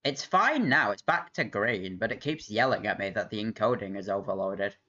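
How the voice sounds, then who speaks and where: A man's voice: on the low side, lively intonation, normal speed, bright, forceful tone. A man hosting a live stream, rambling in casual chat, laughing often and swearing freely. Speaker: livestream host. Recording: dull lo-fi stream audio.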